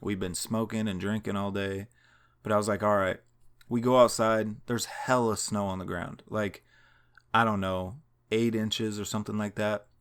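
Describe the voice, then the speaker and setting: A man's voice: on the low side, flat delivery, moderate pace, clean tone. A man vlogging, telling a long story casually, rambling with lots of fillers and swearing.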